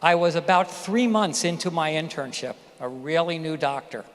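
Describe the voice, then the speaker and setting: A middle-aged physician giving a graduation speech, telling a personal story in a candid, emphatic way. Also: male voice, a little high, moderate pace. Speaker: commencement speaker, physician. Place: graduation ceremony hall. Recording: hall reverb from a ceremony venue.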